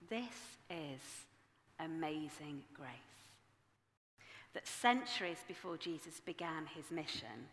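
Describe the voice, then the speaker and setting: Lady in her 40s preaching, bright lively voice, big echoey church hall. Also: low-pitched, slow. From Yorkshire, England. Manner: animated, self-mocking storytelling. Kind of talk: sermon. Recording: echoey hall with long reverb.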